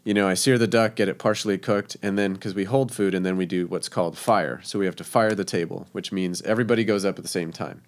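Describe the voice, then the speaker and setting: Chef guy from texas, chatty, lots of so and uh, laughs a lot, lowish voice. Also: steady tone, fast, hardly any pauses. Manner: chatty, laughing, many fillers. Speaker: professional chef. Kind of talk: casual storytelling interview.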